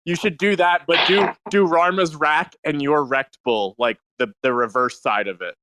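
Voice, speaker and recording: Man, casual chat, excitable, repeats words, bright crisp voice, dry sound. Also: moderate pace, dry recording. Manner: excitable, repeats words when pitching ideas.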